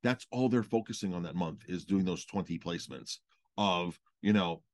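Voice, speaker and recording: A man with a fairly low voice talks shop on a podcast in a relaxed, chatty way. He leans on repetition to drive his points home. The sound is dry and close, with no room around it. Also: normal speed, no room sound. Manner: animated storytelling, repeats for emphasis. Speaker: podcast co-host, restaurant owner. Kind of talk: casual chat.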